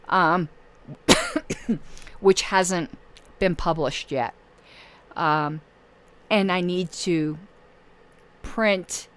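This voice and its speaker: A woman hosts her own political channel in loose, unscripted livestream talk. Her voice sits a little low and is wearing thin and hoarse. She stops often to fill gaps with hesitant ums before pressing on. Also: a bit bright. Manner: halting, many filler pauses. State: losing her voice.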